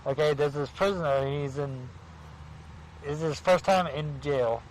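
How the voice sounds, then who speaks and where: Out in a cemetery for a late-night horror show, a host with a slightly high voice chats at a moderate pace and cracks jokes he laughs at himself. The audio is poor, with some background noise.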